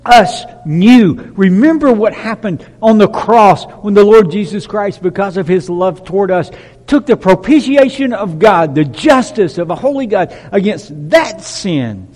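A man preaching a sermon, emphatic, dropping to a hush and rising to loud declarations. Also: high voice, lively intonation, a little slow, big-room sound. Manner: emphatic, swinging from hushed to loud.

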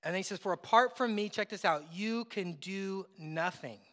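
High-voiced man preaching in a reverberant hall. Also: moderate pace. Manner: conversational, acts out dialogue, swings from loud to hushed. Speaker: pastor. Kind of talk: sermon.

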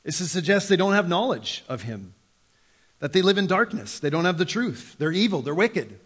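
A man's voice: big pitch swings, moderate pace, slightly rough. A man in his thirties preaching a sermon in a conversational way, acting out the voices he quotes. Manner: conversational, acts out quoted voices with sudden pitch jumps. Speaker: pastor.

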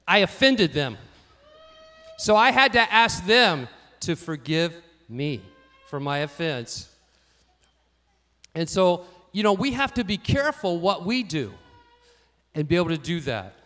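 A man preaching a sermon, telling personal stories and swinging from quiet asides to louder emphatic lines. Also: high-pitched, big pitch swings, a little slow, pauses often. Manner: storytelling, varies loudness widely, rising for emphasis. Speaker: pastor.

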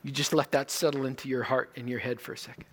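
A male pastor preaching a sermon, telling stories and moving between quiet moments and loud emphasis. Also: medium pitch, steady tone, fast, husky.

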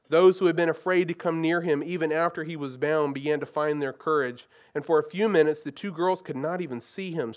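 A man retelling and then reading a story aloud with an expressive, dramatic delivery. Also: fairly high pitch.

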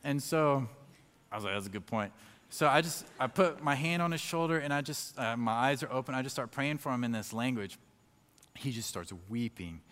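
A man sharing a personal testimony as a lively story and acting out his own thoughts as he goes. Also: mid-range voice, long reverb tail. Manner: animated storyteller who acts out his own inner thoughts.

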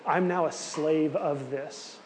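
A man's voice: fairly high pitch, steady tone, takes it slowly. A man giving a casual, conversational teaching talk with many fillers and asides. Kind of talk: sermon-style teaching talk. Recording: hall reverb with faint background noise.

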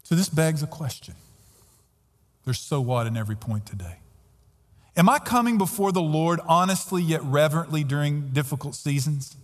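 A man's voice: fairly high pitch, lively intonation, normal speed. A pastor preaching a sermon earnestly and emphatically, often repeating his words as he goes. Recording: long hall reverb.

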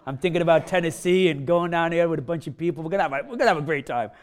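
Casual, emphatic preacher, fairly high voice. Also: male voice, very fast. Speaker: pastor. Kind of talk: sermon.

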